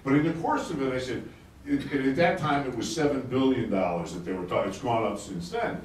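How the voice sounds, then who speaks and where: A middle-aged man giving a live conference talk in an animated, excitable way, laughing as he speaks. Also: mid-range voice, a little fast, a little hiss or hum. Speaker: conference speaker, energy advocate. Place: conference hall. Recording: roomy hall, distant mic, faint ambience.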